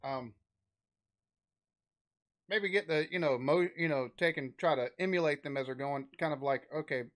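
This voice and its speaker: A man speaks off the cuff, and his sentences stop and start as he works his thoughts out. His voice sits a little higher than most men's, and it is loose and conversational. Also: moderate pace, a bit bright. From Southern United States. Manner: rambling, with frequent restarts and fillers. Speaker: reaction video host. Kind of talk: casual reaction commentary.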